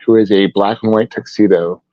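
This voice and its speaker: Male guest artist, low voice, rambling storyteller; dull dry lo-fi sound. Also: fairly even intonation, brisk. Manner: rambling, warm storytelling with restarts. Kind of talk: casual interview chat.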